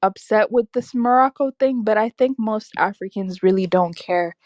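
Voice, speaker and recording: A young woman hosting a casual livestream, reacting aloud to her chat with lively, exclamatory talk. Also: medium pitch, normal speed, no echo. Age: young adult. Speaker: livestream host reading chat. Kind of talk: casual live-stream chat.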